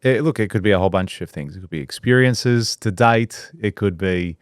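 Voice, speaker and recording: A man with a low voice co-hosts a podcast in casual chat. He sounds relaxed and agreeable and answers often with short replies. The recording is dry and close. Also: fairly quick, dry recording. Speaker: podcast co-host.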